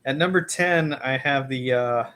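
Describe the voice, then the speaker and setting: A man's voice: mid-range voice, measured pace, fairly bright tone, clean tone. A man co-hosting a podcast, bantering in a dry, teasing way. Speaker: podcast co-host. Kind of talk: casual podcast chat.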